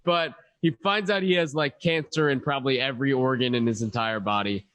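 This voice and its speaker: A man's voice: mid-range voice, brisk, a bit bright, no echo. Guy co-hosting a movie podcast, keeps laughing and doing quotes, dry sound. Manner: laughs often, acts out quotes. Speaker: podcast co-host. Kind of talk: casual movie discussion.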